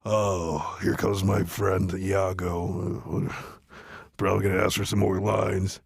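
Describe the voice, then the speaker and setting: A man playing a casual, put-upon playwright, sounding offhand and weary in his own gravelly voice. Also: low-pitched, level tone, slow pace, no echo, studio quality, exaggerated voice.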